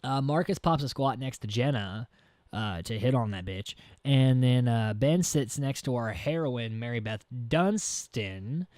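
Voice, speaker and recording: A man hosting a podcast in a loose, rambling recap style, full of swearing and "like"s, with chuckles slipping in. His voice sits at an ordinary middle pitch. The sound is dry and close, with almost no room echo. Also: expressive, a little slow, darkish tone. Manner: rambling and profane, heavy use of "like"; chuckles through the retelling. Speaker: podcast host. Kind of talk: casual movie recap.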